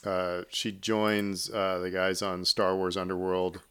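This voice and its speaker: A man hosting a casual podcast, his voice a touch low and smooth. He rambles through his points with plenty of ums, restarts and asides. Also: level tone, slow, fairly bright tone. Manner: rambling, many fillers and restarts. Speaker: podcast host. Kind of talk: casual chat.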